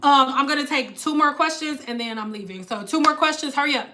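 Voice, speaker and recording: A woman's voice: high voice, fairly quick. A woman hairstylist telling a story in a casual, slangy livestream chat, acting out the people in it. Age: adult with a daughter. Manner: animated slangy storyteller who acts out the people in her story.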